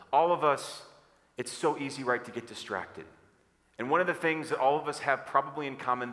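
A man preaching a sermon as pastor, energetic and leading the congregation in call-and-response. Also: mid-range voice. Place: church hall. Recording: long church hall reverb.

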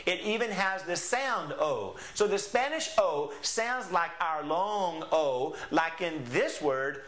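Male language teacher, slightly high voice, patient and drawn-out, recorded in a roomy space. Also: lively intonation, fairly bright tone. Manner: patient, drawn-out model pronunciations. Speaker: Spanish teacher. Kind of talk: classroom lesson. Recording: echoey room.

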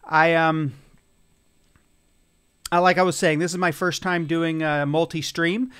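Man, guitar teacher, live stream, casual and chatty, smooth clear voice, fairly high pitch, dry close sound. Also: fairly even intonation, a little slow, a bit bright, no room sound. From Sacramento, California. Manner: casual, chatty, greets viewers, frequent fillers and restarts. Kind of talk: live-streamed guitar lesson with chat replies. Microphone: studio mic, a bit away from him.

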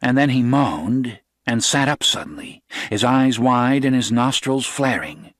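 A man narrating a novel as an audiobook, in a steady, even storytelling voice. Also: medium pitch, measured pace, no echo, clean studio sound.

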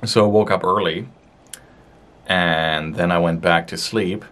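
Relaxed, low-voiced man narrating crafts. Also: measured pace. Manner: relaxed and chatty, with frequent fillers. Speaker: crafting vlogger. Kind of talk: casual hobby tutorial narration.

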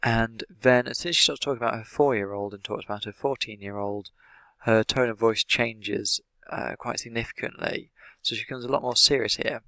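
A man with an English accent, an English teacher explaining the language of an interview in a measured way, with many "sort of" fillers. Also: medium pitch, steady tone, gravelly, sharp tone, no echo. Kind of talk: explanatory lesson analysing an interview.

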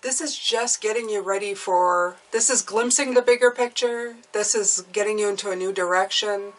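A woman's voice: medium pitch, normal speed, far from the mic, low-quality recording. A woman giving an intuitive tarot reading to viewers, chatty and encouraging, often checking in with "okay?". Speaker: tarot reader.

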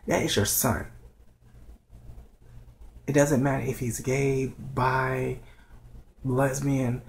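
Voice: mid-range voice, flat delivery, slow, vocal fry, long pauses, a little hiss or hum, rough recording. A vlogger whispering at home late at night, giving a blunt, profane review of a TV episode. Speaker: show reviewer.

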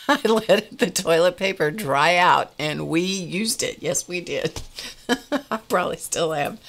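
An older woman hosts a casual art class, chatty and confessional, laughing often as she talks to her viewers. Her voice is fairly low-pitched and a bit bright.

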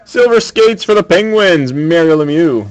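A man hosting a sports card break, calling out each card pulled in a brisk, matter-of-fact way. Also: a little high, animated. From Canada.

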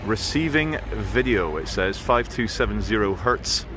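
A man filming a street vlog on his phone, muttering wry asides and turning loud and defiant when confronted. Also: fairly low pitch, animated, a little slow, background noise. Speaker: vlogger filming in public. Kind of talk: handheld street vlog commentary. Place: outdoors on a city street. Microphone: handheld phone camera.

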